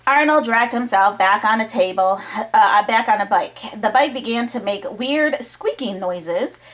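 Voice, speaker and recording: A woman's voice: a little high, lively intonation, measured pace, a bit bright, rough recording. A woman reading a chapter book aloud to children, with chatty asides to her young listeners. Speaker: children's storytime reader.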